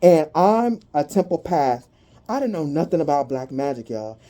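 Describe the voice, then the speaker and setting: This woman has a deep voice and speaks at normal speed while giving viewers a tarot and energy reading. She's slangy and animated, whooping suddenly when excited.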